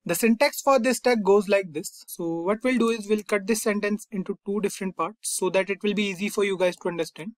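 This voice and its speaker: A young man hosting a coding tutorial, calmly walking through each step and often saying "fine" and "over here". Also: sits high, a little fast, few pauses, no echo. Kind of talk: screen-recorded coding lesson.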